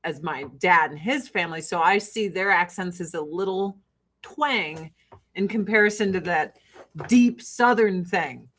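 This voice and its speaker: A woman's voice: medium pitch, fairly bright tone. A woman from Joliet, Illinois with a Chicago-area Midwestern accent, chatting casually as she answers viewer questions, blunt and profane and laughing often. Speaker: streamer answering viewer chat. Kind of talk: casual chat.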